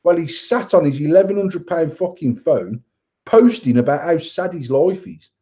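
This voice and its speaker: A man's voice: a little high, lively intonation, moderate pace, dark tone. Blunt, sweary man ranting. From England. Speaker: podcast co-host. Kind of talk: casual chat. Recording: dull lo-fi sound.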